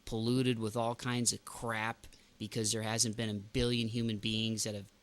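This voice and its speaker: A man's voice: fairly low pitch, little pitch movement, moderate pace, fairly bright tone. A man hosting a podcast in casual chat, ranting with emphatic outbursts. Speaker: podcast host.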